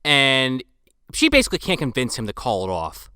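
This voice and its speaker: Sarcastic man with a bright voice. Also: medium pitch, huge pitch swings, normal speed, clean tone, no echo. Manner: blunt, sarcastic, swears. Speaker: podcast co-host. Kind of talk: casual movie review chat.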